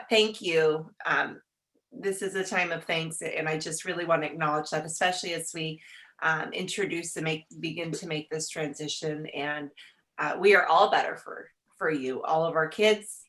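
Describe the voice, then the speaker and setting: A woman serving as a school board clerk, giving emotional, halting thanks at a virtual board meeting. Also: sits low, bright, forceful tone. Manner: emotional, halting, laughing through tears. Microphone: video call.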